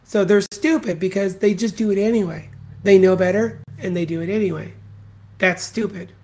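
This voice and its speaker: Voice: mid-range voice, fairly even intonation, normal speed, a little mellow. An adult podcast host delivering a solo commentary rant, blunt and profane, repeating insults and points for emphasis. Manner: blunt, profane and scornful, hammering points by repetition.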